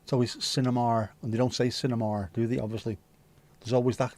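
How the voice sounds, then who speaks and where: A man's voice: medium pitch, level tone, quick pace, mellow. A man hosting a livestream, chatting casually and rambling while reading out viewer comments, with the odd swear word. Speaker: livestream host.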